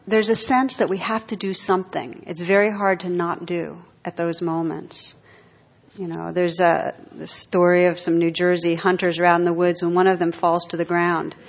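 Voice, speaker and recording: Woman meditation teacher, lowish voice, reflective, pausing, self-amused humor; muffled lo-fi recording. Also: little pitch movement. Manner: reflective, pausing, laughs at her own jokes. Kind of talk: dharma talk. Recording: dull lo-fi talk recording.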